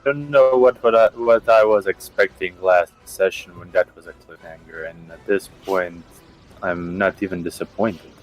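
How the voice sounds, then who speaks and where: A man's voice: low-pitched, normal speed, faint music behind, low-quality recording. A man playing a tabletop game, dry and sarcastic. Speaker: player. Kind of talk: casual tabletop play.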